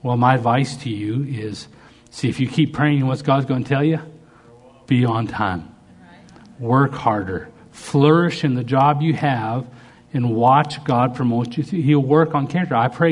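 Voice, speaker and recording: A middle-aged male pastor preaching a sermon, jumping to loud, high bursts when he acts out prayers and then dropping back low. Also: unhurried.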